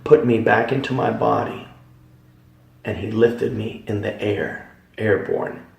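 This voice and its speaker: A man's voice: on the low side, takes it slowly, creaky, darkish tone. A man giving a religious testimony, telling his story in an emphatic, repetitive, dramatic way. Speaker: testimony speaker. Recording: echoey room, voice from far off.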